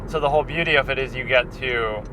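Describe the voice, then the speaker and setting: A man's voice: mid-range voice, fast talker, background noise. A man and film critic chatting in a rambling, casual vlog, often restarting his sentences, recorded on a handheld recorder outdoors. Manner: meandering, many restarts and fillers.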